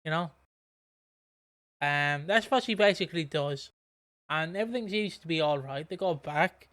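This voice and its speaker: Guy on a podcast, smooth clear voice kinda high, rambling and swearing a bit. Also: moderate pace, a bit bright. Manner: rambling, swears casually, loses his train of thought. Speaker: podcast host. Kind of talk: casual recap chat about a soap opera.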